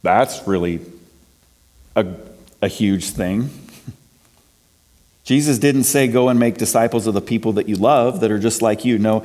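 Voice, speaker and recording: A middle-aged man preaching a conversational sermon as pastor. He moves between soft, quiet passages and emphatic ones, and often repeats words as he restarts. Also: on the low side, a little slow, long pauses. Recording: long reverb of a large hall.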